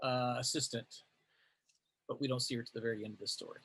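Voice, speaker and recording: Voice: mid-range voice, steady tone, quick pace, a bit bright, husky. A co-host in a casual group chat, explaining the plan and sorting out the order.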